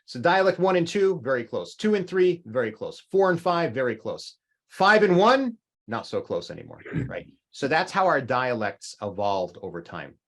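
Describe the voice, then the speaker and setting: A man teaching an online language class, explaining at length with lively rises in pitch on his examples. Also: normal speed. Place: home, speaking into a small microphone.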